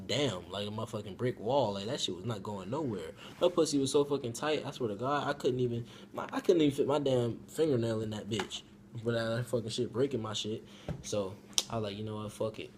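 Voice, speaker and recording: A young man telling a personal story in a casual story-time vlog, profane and animated, swinging from loud outbursts to low mumbles. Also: a little hiss or hum.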